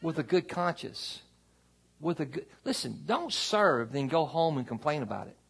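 Gravelly, lively-voiced man preaching. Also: on the high side, moderate pace. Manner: conversational preaching with call-and-response asides. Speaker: pastor. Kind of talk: sermon. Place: church sanctuary.

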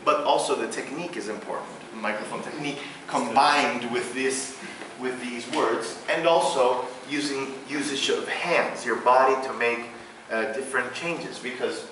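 Picked up by a faraway room mic in a large, reverberant hall with background noise, a Venezuelan man, a native Spanish speaker, teaches a vocal workshop. His mid-range voice falters through English with many fillers, slipping into sung syllables.

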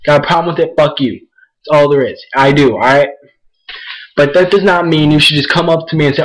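A man's voice: on the high side, a little fast, low-quality recording. A young man ranting angrily into his camera, profane and repetitive. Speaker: vlogger. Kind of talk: angry rant to camera.

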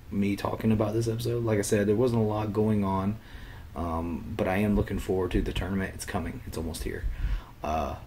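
A man with a deep, low voice talks loosely through a show episode, stopping and restarting with plenty of ums. He sounds a little under the weather. The recording is made on a computer mic and carries a faint hiss. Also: mellow. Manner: rambling, many fillers and restarts. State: under the weather, slightly ill. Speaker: channel host. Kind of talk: casual episode discussion. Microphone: computer webcam mic.

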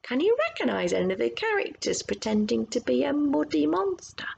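A woman reading a picture book aloud to children, expressive and stopping to ask about the pictures. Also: a little high, brisk, vocal fry, dull audio, a little hiss or hum. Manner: expressive, asks listeners questions about the pictures. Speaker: storytime reader.

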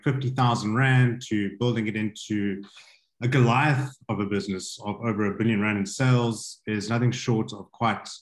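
A man's voice: fairly low pitch, roomy sound, low-quality recording. A man hosting an event, giving an earnest introduction full of fillers. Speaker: host.

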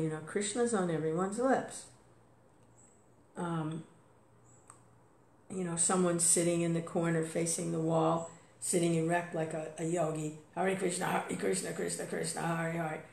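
A woman's voice: on the low side, a little mellow. An older woman in a casual spiritual talk, emotional and exclaiming, laughing often. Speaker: devotee sharing reflections. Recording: roomy with faint background noise.

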